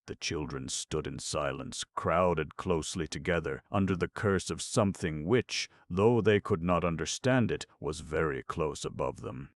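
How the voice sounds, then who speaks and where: Deep gravelly narrator, solemn slow read, close dry studio mic, suits a classic novel. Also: male voice, lively intonation, no room sound. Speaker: audiobook narrator. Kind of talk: scripted narration.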